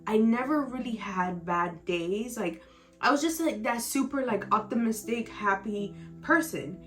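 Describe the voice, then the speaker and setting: A woman's voice: a little high, a little slow, a bit bright, faint music behind. A young woman vlogger telling a personal story in a rambling, emotional way, full of "like", tearful at times. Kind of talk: storytime vlog.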